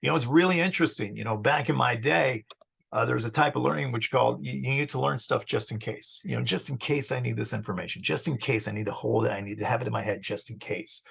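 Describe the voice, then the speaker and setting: Middle-aged man, gravelly and husky, a relaxed rambling teacher for an intro course. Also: medium pitch, fast. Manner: conversational, digressive, restarts phrases. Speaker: psychology teacher. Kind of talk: casual lecture introduction.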